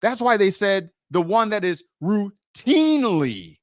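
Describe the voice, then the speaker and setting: A man's voice: sits high, very animated, unhurried, no room sound, clean studio sound. A man teaching on a livestream in an emphatic way. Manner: emphatic, muttering while searching his screen.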